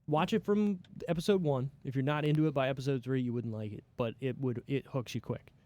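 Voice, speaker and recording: Man, podcast host, casual chat, animated, swears casually. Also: medium pitch, fairly quick.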